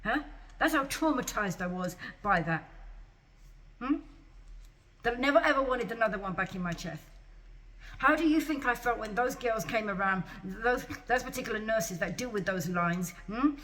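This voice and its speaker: A woman's voice: fairly high pitch, animated, moderate pace, fairly bright tone. A distressed woman venting in a vlog, agitated and repeating rhetorical questions over and over. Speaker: patient vlogger. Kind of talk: emotional vlog rant.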